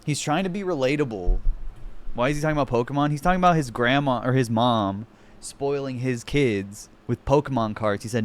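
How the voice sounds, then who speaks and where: A man's voice: medium pitch, brisk. Profane, mocking male streamer. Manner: profane, mocking, sarcastic rants. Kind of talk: casual reaction commentary.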